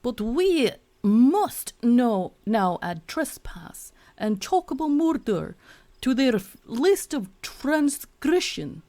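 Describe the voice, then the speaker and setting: A woman voicing a stern female soldier with slow, solemn delivery over game music. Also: very high voice, pitched above the performer's own voice, exaggerated voice.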